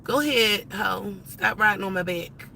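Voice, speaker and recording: A woman ranting bluntly and profanely while driving, her voice moving between loud outbursts and hushed asides. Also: mid-range voice, moderate pace, vocal fry. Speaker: live-stream host. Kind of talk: ranting live-stream vlog. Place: inside a car while driving. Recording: steady car and road noise.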